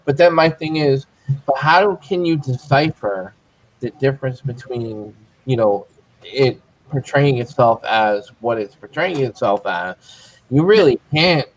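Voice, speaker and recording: A man hosting a podcast interview in casual chat, offering quick, easygoing interjections and questions. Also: medium pitch, rough recording. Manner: relaxed, quick agreeing interjections. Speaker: podcast host.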